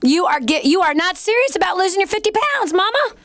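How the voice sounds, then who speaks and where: A high-pitched, middle-aged woman hosts an advice show, speaking bluntly with a teasing edge. Her voice is close and dry, with no room sound around it. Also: sing-song, a little fast, fairly bright tone, no room sound. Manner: blunt, teasing, storytelling with acted quotes. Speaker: show host giving advice.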